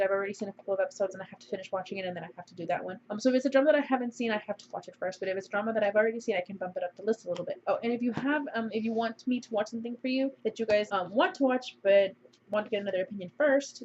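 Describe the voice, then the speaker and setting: A woman's voice: mid-range voice, darkish tone, slight background noise. A young woman casually reviewing a drama on her channel, gushing and emotional as she chats. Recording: slightly dull lo-fi recording.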